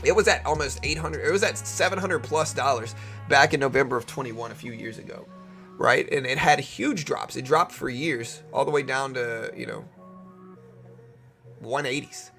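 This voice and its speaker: Man, slight Louisiana accent, gravelly voice, laid-back live-stream talk, faint music behind. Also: mid-range voice, normal speed. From Louisiana, USA. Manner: relaxed, conversational, answers chat questions. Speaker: livestream trading host. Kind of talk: casual live-stream commentary.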